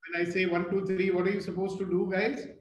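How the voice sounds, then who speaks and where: Older man, Indian English accent, high voice, playful storyteller, live group talk, roomy echo with faint hiss. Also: level tone, fast talker, lo-fi sound. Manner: playful, storytelling, asks the audience questions. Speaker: motivational speaker. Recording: echoey room with faint noise.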